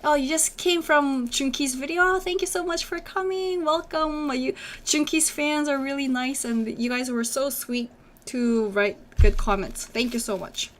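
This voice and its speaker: A woman's voice: high-pitched, unhurried, slight background noise. A young woman teaching a live online Korean class, repeating each sound over and over and cheering on viewers as she reads their comments. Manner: drills sounds by repeating them many times; encouraging, reads chat comments aloud. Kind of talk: live-streamed language lesson.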